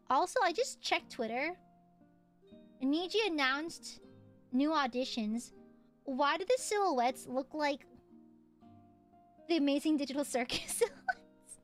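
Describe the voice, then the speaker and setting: A woman's voice: sits high, lively intonation, a little slow, pauses often, faint music behind. A young woman streaming casually as a VTuber, playful and jokey, often breaking into laughs and squeals. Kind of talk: casual livestream chat.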